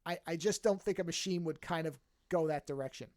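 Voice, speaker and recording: A man's voice: a little high, a little fast, darkish tone, no echo, clean studio sound. A man co-hosting a podcast, talking in a rambling, self-amused way with many restarts. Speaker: podcast co-host. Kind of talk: casual chat.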